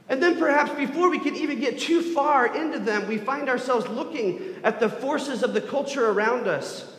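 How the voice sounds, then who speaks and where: A man's voice: extremely high pitch, a bit bright. A man preaching a sermon as a pastor, earnest and building to emphatic repetition. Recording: echoey hall.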